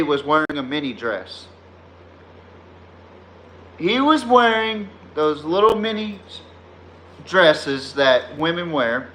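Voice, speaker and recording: A man hosts a live sports podcast in a heated, profane rant. He trash-talks viewers in the chat, chuckling at his own insults. His voice is high and bright, rising and falling a lot while the overall pace stays unhurried. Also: slight background noise. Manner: laughs at his own jabs. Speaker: podcast host.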